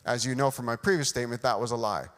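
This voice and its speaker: A man's voice: mid-range voice, rapid-fire. A man preaching a sermon, telling a self-deprecating personal story and acting out the dialogue. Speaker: pastor. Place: church sanctuary. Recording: long hall reverb.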